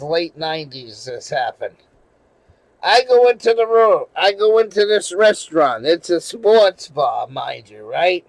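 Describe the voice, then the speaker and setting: A man with a notably high voice tells a long, rambling story on his channel, swearing freely and breaking into laughter as he goes. The sound is close and dry, with no room around it. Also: no room sound, poor audio. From New England. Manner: rambling, profane, laughing often, with many restarts. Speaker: channel host. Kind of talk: casual storytelling livestream.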